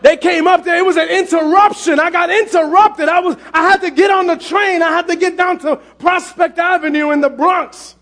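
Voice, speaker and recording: A male pastor preaching a sermon, often shouting, telling his story with lively exclamations. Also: very high voice, moderate pace, few pauses. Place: church sanctuary.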